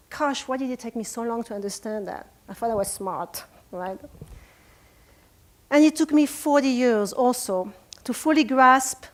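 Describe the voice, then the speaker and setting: A woman in her forties with a French accent, giving an earnest, emotional motivational talk at a retreat. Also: a little high. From France. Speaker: speaker. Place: retreat conference room.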